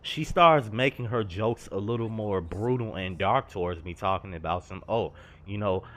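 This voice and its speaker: A man's voice: fairly low pitch, normal speed, a bit bright, a little hiss or hum. A young man telling a personal story over gameplay, earnest and confessional, slangy and rambling. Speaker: gaming vlogger.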